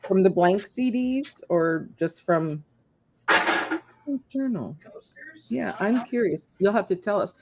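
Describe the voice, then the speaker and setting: A woman's voice: medium pitch, animated, slow pace, slight background noise. A woman co-hosting a casual crafting livestream over a video call. She is curious and asks a lot of questions. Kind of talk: casual chat.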